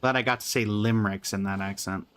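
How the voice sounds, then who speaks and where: A man's voice: lowish voice, fairly even intonation, fast talker, fairly bright tone, smooth. A man streaming a game, reading the characters' lines aloud and trying out accents as he goes. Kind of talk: live game commentary with voiced dialogue.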